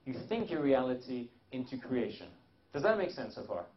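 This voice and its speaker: A man's voice: mid-range voice, big pitch swings, normal speed. Guy giving a seminar talk, lots of uh and restarts, kinda muffled lo-fi sound. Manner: rambling, many restarts and fillers. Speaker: seminar presenter.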